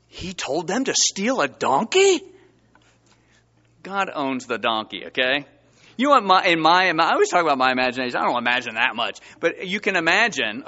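Animated preaching man, bright voice. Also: highs cut off. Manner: animated preaching, rising emphatic pitch and reading scripture aloud. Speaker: pastor. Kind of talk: sermon.

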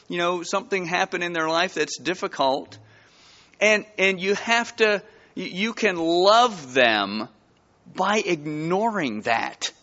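A man preaching a sermon to his church, telling stories with lively, rising emphasis. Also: high voice, in a large hall, muffled recording. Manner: animated storytelling with rising emphasis. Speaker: pastor. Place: church sanctuary.

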